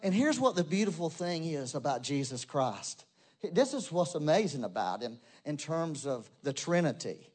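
A man preaching with a drawl. His voice sits a bit high for a man. He talks right to the congregation, shifting from loud emphatic bursts to quiet low asides. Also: big pitch swings, moderate pace. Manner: conversational, addresses congregation directly. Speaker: pastor. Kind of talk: sermon.

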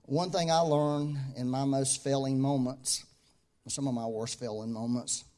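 A man preaching a sermon as pastor, talking in a conversational way that shifts from quiet, low reflection to loud, high-pitched emphasis, and repeating key phrases to drive them home. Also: fairly even intonation, a little slow.

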